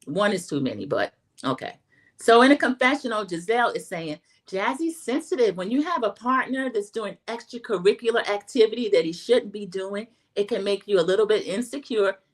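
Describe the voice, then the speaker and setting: A woman in middle age hosts a casual recap stream, talking straight to her viewers. Her pitch moves a lot as she chats, animated and conversational. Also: a little fast. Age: middle-aged. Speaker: host. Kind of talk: casual livestream recap chat.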